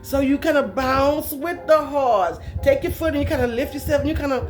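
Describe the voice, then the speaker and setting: A woman with a high voice tells a personal story the way she'd tell it to friends. Her talk is folksy and colloquial, and she plays up the drama. Faint music sits underneath. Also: a little fast.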